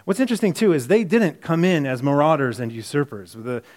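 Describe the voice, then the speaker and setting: This pastor delivers his sermon conversationally in a fairly high, very animated voice at a brisk clip. He swings widely from quiet asides to emphatic bursts, often correcting himself and repeating words.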